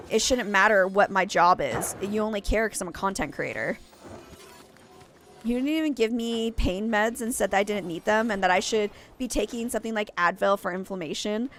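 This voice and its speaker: A woman's voice: mid-range voice, normal speed, faint music behind. A young adult woman streaming a game, chatting casually in a rambling way, full of exclamations and restarts. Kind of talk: casual chat while gaming live.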